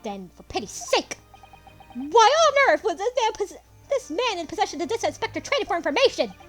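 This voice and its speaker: A stern, formal old judge, as a woman plays him who rules and commands the courtroom. His voice is fairly high and lively. He barks orders in a grand manner. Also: quick pace, faint music behind, natural voice.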